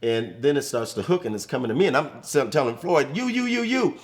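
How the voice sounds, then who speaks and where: A man in his sixties, a former football player, chatting as a studio guest and telling animated stories. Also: medium pitch, fast talker. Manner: animated storyteller, acts out quotes. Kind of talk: casual studio chat, storytelling. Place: studio set.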